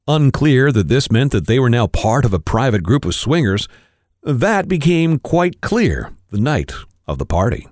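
A man, a podcast co-host, reading an erotic story aloud with expressive, varied delivery. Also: mid-range voice, measured pace, no room sound, studio quality.

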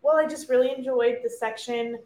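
A woman co-hosting a book podcast, speaking in an unhurried, thoughtful way. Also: fairly high pitch, steady tone, dark tone. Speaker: podcast co-host. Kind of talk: casual book-club chat. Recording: echoey room.

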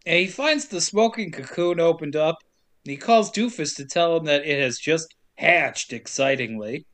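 Male co-host, slightly higher voice, casual comedic movie recap with goofy character voices. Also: fairly bright tone. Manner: jokey, slips into quick silly voices for characters. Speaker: podcast co-host recapping a film.

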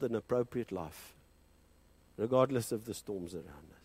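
A man with a South African accent, a pastor preaching a fervent sermon and switching between English and Afrikaans, climbing to loud high peaks and dropping to quiet low passages. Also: animated, normal speed, slightly rough, no room sound.

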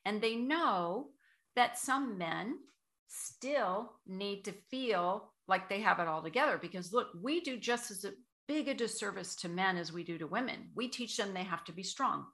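A woman who coaches voice and public speaking, giving measured, explanatory answers as an interview guest. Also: medium pitch, expressive, a bit bright.

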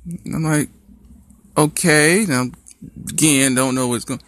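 A man's voice: on the high side, unhurried, dry recording. A middle-aged man casually telling a funny story about his teenage daughter, acting out the dialogue as he goes. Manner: animated storyteller who acts out quoted dialogue. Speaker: podcast host.

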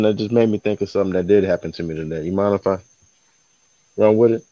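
Animated male podcast storyteller, dull lo-fi sound. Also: fairly low pitch, fast talker, no room sound. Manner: animated storyteller, acts out quotes. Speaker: podcast co-host. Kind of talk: casual storytelling chat.

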